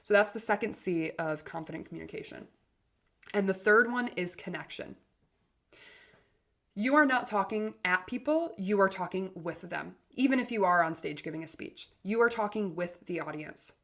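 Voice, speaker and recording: A woman hosting a self-help podcast, talking in an energetic, emphatic way with restarts and big swings between loud and soft. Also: mid-range voice, moderate pace. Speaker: podcast host.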